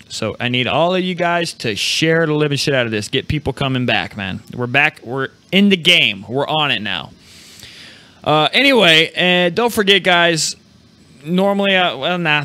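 Bright-voiced excitable podcast host man. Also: fairly high pitch. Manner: loose, excitable, swears freely. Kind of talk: casual live podcast chat.

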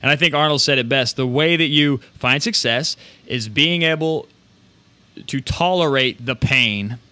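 A man hosting a live show, giving casual, energetic motivational talk about running a print business, with rambling restarts and some swearing. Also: mid-range voice, a little slow, clean tone, no echo.

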